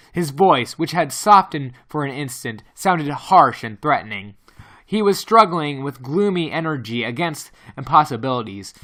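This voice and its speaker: A man's voice: on the high side, fairly bright tone. A man reading a novel aloud as an amateur audiobook, stumbling often and correcting himself. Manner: reads with frequent stumbles and self-corrections.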